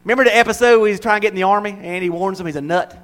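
A man preaching a sermon to his church, animated, acting out little voices and laughing as he goes. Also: high voice, very fast. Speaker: pastor.

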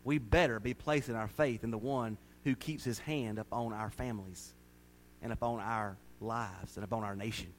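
A man preaching a sermon as pastor, folksy and conversational, then building to shouted, drawn-out preaching. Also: lowish voice, steady tone, slight background noise.

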